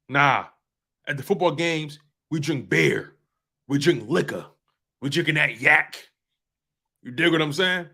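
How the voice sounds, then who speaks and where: A man's voice: fairly high pitch, lively intonation, takes it slowly, long pauses, pushed and bright. A man hosting a fan sports talk show, speaking passionately and emphatically and repeating phrases for effect. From US East Coast.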